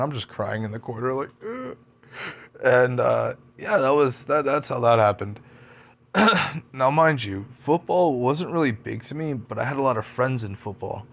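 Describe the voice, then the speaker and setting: Gravelly young man, rambling and profane. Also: lowish voice, dull audio. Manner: rambling, profane, self-interrupting. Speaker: storyteller, podcaster. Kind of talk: casual personal storytelling.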